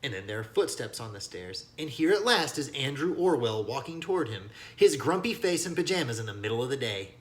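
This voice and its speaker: A man teaching as he reads a children's novel aloud, with lively asides that speak to young listeners. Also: mid-range voice, fairly quick, hardly any pauses. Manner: animated, addresses listeners as kiddos. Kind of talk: read-aloud storybook narration with lesson asides.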